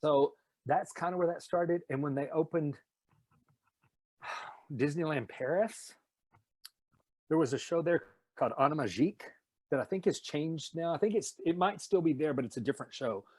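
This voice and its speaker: A man with a fairly high voice tells stories in an animated way during a casual interview, often slipping into playful announcer voices. He is from Nashville and works as a voice actor and singer. The recording is close and dry, with no room echo. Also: moderate pace, pauses often. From Nashville, USA. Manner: animated, slips into announcer voices and laughs while telling stories.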